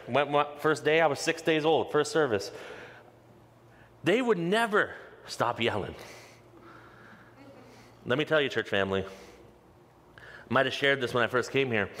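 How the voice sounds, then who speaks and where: A male pastor preaching a sermon with passion, leaning on slow, emphatic repeated lines. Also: a little high, sharp tone. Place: church sanctuary. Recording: long reverb of a large hall.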